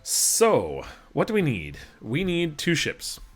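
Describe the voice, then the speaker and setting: A man's voice: a little high, wildly swooping pitch, slow, a bit bright. A man from Alberta giving casual, rambling, self-deprecating commentary over a video game as host of his channel. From Alberta, Canada.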